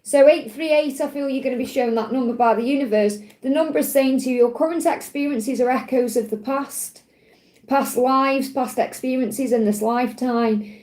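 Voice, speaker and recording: Woman, Stoke accent, high mellow voice, gentle and reassuring, live card reading. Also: normal speed, poor audio. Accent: Stoke-on-Trent English. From England. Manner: gentle, reassuring, chatty with frequent restarts. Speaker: tarot and angel card reader.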